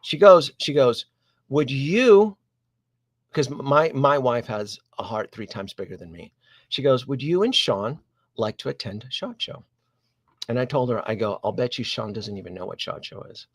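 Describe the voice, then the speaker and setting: With no room sound behind him, a collectibles live-stream host speaks at normal speed in a mid-range voice. He spins a long, loose story in an animated, digressive manner, frequently starting over and turning aside to address viewers.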